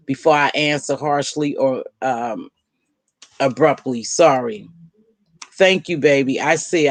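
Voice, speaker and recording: A woman's voice: low-pitched, dry recording. A woman host talking casually to her viewers, emphatic and direct, repeating her points for stress. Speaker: video host answering viewer comments. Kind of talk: casual livestream talk.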